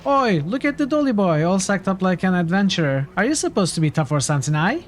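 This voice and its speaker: A rude male thug spits coarse, mocking taunts, as a game streamer puts him on. The voice is pushed up high and swings about with scorn. It sounds loud and jeering. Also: very animated, quick pace, a little hiss or hum.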